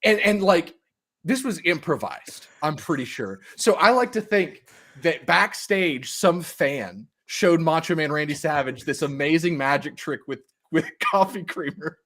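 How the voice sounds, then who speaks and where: A man's voice: on the high side, animated, unhurried, fairly bright tone. A man co-hosting a podcast in casual chat, rambling through stories and laughing mid-sentence. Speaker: podcast co-host.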